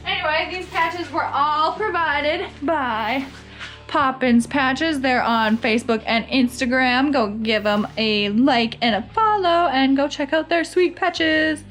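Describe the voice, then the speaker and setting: High-voiced playful woman co-host. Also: takes it slowly, a bit bright, echoey room, faint music behind. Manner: playful, giggly, jokey announcer voice. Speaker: podcast co-host. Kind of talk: casual chat.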